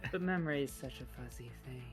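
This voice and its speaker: A woman's voice: extremely low pitch, quick pace, slightly rough, faint music behind. A woman playing a tabletop game, chatting and joking casually out of character, playful and bawdy.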